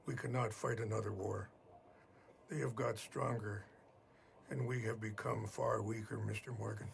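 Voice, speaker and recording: A man playing a weary older tribal chief in a game cutscene, speaking slowly and solemnly. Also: lowish voice, steady tone, gravelly, a little hiss or hum. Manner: slow, solemn and measured.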